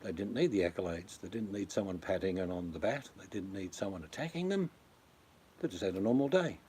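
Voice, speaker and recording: A man's voice: sits low, lively intonation, brisk, warm tone, a little hiss or hum. An Australian man chatting casually on a livestream, rambling and blunt, talking to viewers by name. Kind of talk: casual chat.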